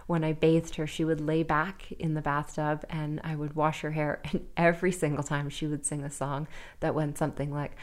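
A woman in her thirties, a podcast guest telling an emotional personal story in an earnest, halting way with nervous laughs. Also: deep voice, level tone.

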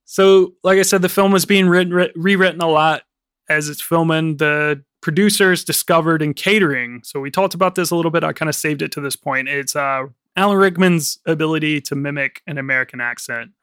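A man co-hosting a film podcast in casual chat, rambling with lots of fillers and quick laughs. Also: fairly high pitch, a bit bright, clean tone, no room sound, studio quality. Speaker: podcast co-host.

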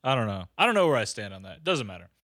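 A young man speaks bluntly in a casual, profane movie-review chat, with a dry, close-miked sound. His tone is bright and his pitch moves with lively expression. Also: very fast, no echo. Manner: blunt, dismissive, swearing. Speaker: podcast co-host.

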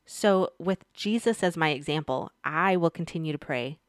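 Low-voiced chatty woman teaching the Bible. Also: normal speed, hardly any pauses, dry recording, clean studio sound. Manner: chatty, speaks straight to viewers with questions. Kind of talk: casual devotional teaching.

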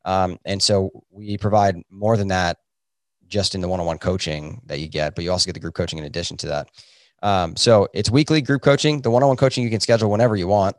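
A man's voice: low-pitched, steady tone, fast, dry recording, studio quality. A man, a physician, answering podcast interview questions in an earnest, reflective way with many fillers. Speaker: physician and coaching program founder.

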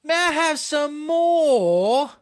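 A man putting on a meek, begging orphan boy with a thick English accent, loud and drawn out. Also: very high-pitched, expressive, extremely slow, no room sound, studio quality, voice pushed up, heavily acted. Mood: pleading.

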